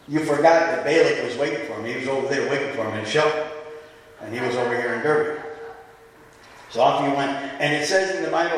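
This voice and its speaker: A man preaching a sermon in a church, telling the story animatedly and acting out the quotes. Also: fairly high pitch. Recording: echoey hall from far off.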